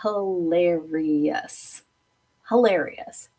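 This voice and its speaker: A woman's voice: on the low side, very slow, slightly rough. Chatty woman hosting a live stream. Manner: chatty and animated, often laughing. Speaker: host. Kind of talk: casual live-stream chat reading comments.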